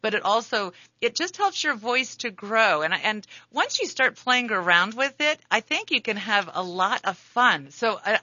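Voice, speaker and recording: Woman, radio host, chatty, laughs easily, bright tone, dry muffled sound. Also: medium pitch, no echo. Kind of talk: radio interview chat.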